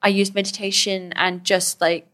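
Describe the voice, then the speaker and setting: A woman's voice: medium pitch, level tone, normal speed, a bit bright. Chatty young woman who laughs often. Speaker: Muay Thai fighter, guest. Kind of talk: casual interview chat.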